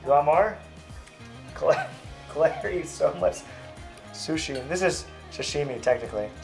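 A man's voice: a little high, animated, a little slow, gravelly, music in the background. A man hosting a casual home cooking vlog, chatting easily and explaining each step as he cooks. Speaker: family fishing channel host. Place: home kitchen.

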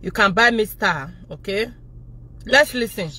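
A woman with a Nigerian accent giving mocking, animated live-stream commentary, often laughing and raising her voice. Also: medium pitch, a little slow, husky. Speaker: social media commentator.

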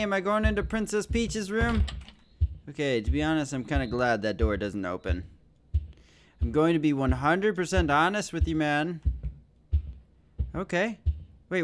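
Young male gaming YouTuber, high voice, jittery jokes and constant swearing while playing horror. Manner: excitable, swearing, nervous joking. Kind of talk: horror game let's play commentary.

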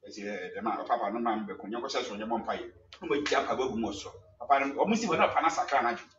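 A man with a Ghanaian accent, a church elder preaching a sermon and telling a story with lively sound effects and English phrases mixed in. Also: medium pitch, very fast. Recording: echoey, distant, dull with faint hum.

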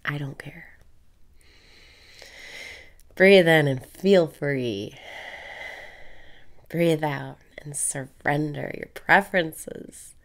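Low gravelly woman guiding meditation. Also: extremely slow, pauses often. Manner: calm, repeats breathing cues, drops into breathy whispers; blunt, casual swearing. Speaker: meditation guide. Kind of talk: guided meditation.

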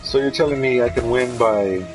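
A man streaming a horror game, talking casually and excitedly with lots of swearing as he hypes up another player. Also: medium pitch, normal speed, rough recording. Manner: excitable, profane, hyping a fellow player. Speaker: gaming streamer. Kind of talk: casual gameplay commentary. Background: game music.

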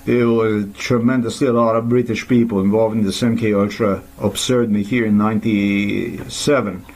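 A man's voice: medium pitch, darkish tone. A man delivering an angry, profane, rambling monologue to the camera, often restarting his sentences.

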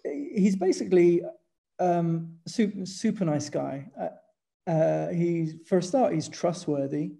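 An English man, a guest photographer in a casual conversation, chatting in an animated, storytelling way and laughing as he goes. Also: sits high, takes it slowly, creaky. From England.

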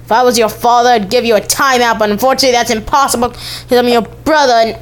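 A woman giving let's-play commentary on a game, excitable, with frequent exclamations and repeated phrases. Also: fairly high pitch, fast, slight background noise. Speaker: gaming YouTuber.

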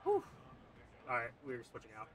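A man's voice: medium pitch, normal speed. A young man commentating his own football video game, muttering play calls and then erupting in frustration. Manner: excitable, swings from muttered play-calling to loud outbursts. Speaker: gaming YouTuber.

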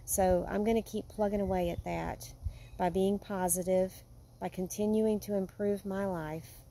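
A woman vlogging at home, talking in an earnest, heartfelt way that sometimes drifts soft and quiet. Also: mid-range voice, fairly even intonation, unhurried, slight background noise. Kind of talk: casual vlog monologue. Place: home with a yard.

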